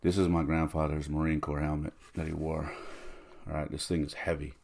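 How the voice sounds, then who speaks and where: With a rumbling low voice, a flat delivery, and a slightly fast, slightly mellow manner, a middle-aged podcaster tells his own story. He keeps it conversational and filler-heavy, imitating whoever he quotes.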